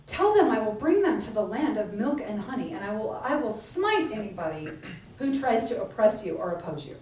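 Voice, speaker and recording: A woman's voice: mid-range voice, very animated, a little fast, darkish tone, a little hiss or hum, lightly acted. A woman voicing God speaking from a burning bush, reassuring and matter-of-fact in a casual way of talking. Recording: echoey room, voice heard from a distance.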